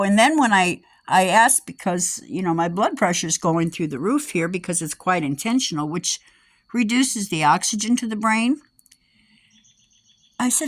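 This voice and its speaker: Indignant ranting woman, low-pitched. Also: dry recording. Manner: indignant, sarcastic, rambling. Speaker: vlogger. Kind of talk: angry personal rant.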